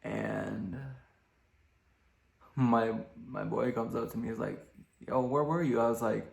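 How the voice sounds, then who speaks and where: Laid-back young man with a gravelly voice. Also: fairly low pitch, steady tone, slow pace. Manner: laid-back, rambling, lots of fillers. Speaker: vlogger. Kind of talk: casual storytelling. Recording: echoey room.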